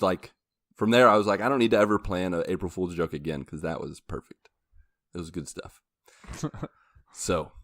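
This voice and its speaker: A young man with a low voice hosts a podcast, chatting casually through a long, rambling story in which he acts out quotes and laughs along the way. The recording is dry.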